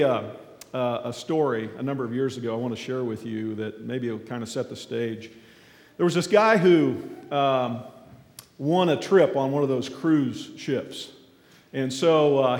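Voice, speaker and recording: A man speaking as a guest at a church, telling a folksy story as a sermon. He talks haltingly with many fillers, then gets lively and shouts out the characters' cries. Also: mid-range voice. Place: large echoing church hall. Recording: echoey hall with long reverb.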